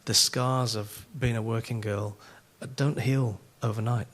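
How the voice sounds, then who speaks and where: A middle-aged man with a Yorkshire accent preaches at a conference. He is an animated storyteller who pokes fun at himself, and his voice sits at an ordinary middle pitch. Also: a little slow. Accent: Yorkshire English. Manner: animated, self-mocking storyteller. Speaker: conference speaker. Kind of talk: sermon with humorous stories.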